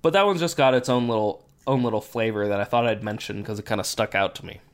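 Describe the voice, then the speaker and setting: Man explaining, voice going hoarse. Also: on the low side, fast talker. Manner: relaxed, explanatory, many fillers. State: losing his voice. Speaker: podcast host. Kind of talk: casual podcast chat.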